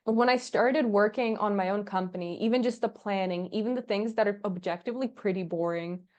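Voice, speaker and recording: Chatty young woman telling a story. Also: medium pitch. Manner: lively storyteller, acts out dialogue, laughs often. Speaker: podcast guest, agency founder. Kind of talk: casual interview chat.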